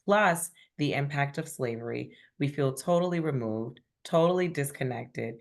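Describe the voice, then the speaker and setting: A woman's voice: extremely low pitch, animated, normal speed, gravelly. A woman facilitating a spiritual group call, affirming members and reading chat comments aloud.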